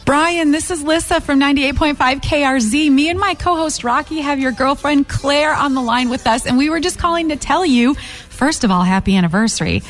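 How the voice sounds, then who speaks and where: A woman's voice: sits high, brisk. A woman co-hosting a morning radio show, playful and giggly.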